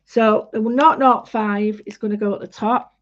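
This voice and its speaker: A woman giving a casual painting demonstration, chatty and halting with many fillers as she talks through each step. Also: mid-range voice, fairly even intonation. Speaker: art tutorial host. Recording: dull lo-fi home recording.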